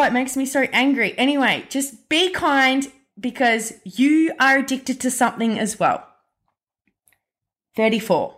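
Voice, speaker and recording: A woman in her twenties with an Australian accent, hosting a casual solo podcast in a chatty, emphatic way, full of fillers and quick self-corrections. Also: high-pitched, animated, a bit bright. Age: 20s. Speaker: podcast host.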